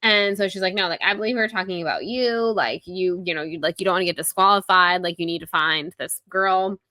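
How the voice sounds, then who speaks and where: A woman's voice: on the low side, a little fast, pushed and bright, dry recording. A woman co-hosting a podcast, casually retelling a book's chapters in a chatty way, with lots of "like". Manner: chatty retelling, heavy use of "like". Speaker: podcast co-host. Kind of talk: casual book-discussion chat.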